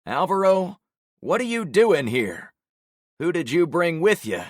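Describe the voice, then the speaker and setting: A man voicing a pushy, suspicious male store boss with a thick Florida drawl, talking in loud, pressing questions. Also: fairly high pitch, big pitch swings, measured pace, no echo, studio quality, pitched above the performer's own voice. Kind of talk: audiobook character voice.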